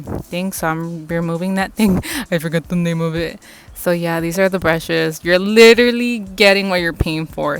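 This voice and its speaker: A young woman vlogger casually reviewing makeup, gushing and excitable and swearing freely. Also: on the low side. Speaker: beauty vlogger.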